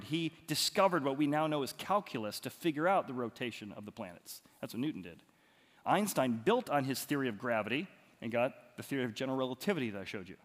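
A man preaching a sermon, animated, moving from loud emphatic lines to quiet ones. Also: mid-range voice. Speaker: pastor. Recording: long hall reverb.

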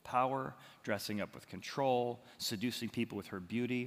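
A male pastor preaching a sermon, retelling the story with animated, dramatic storytelling. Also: lowish voice, normal speed, hardly any pauses, big-room sound. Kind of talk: expository sermon.

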